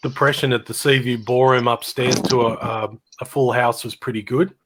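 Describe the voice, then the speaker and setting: A man's voice: medium pitch, steady tone, normal speed, fairly bright tone, slight background noise. A middle-aged Australian man telling rambling stories about his old band in casual chat, laughing and imitating people as he goes.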